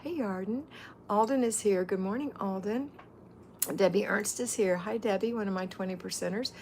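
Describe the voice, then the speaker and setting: A woman's voice: medium pitch, moderate pace, darkish tone, slight background noise. A middle-aged woman hosting a casual livestream, chatting and greeting viewers by name as a home-organizing mentor.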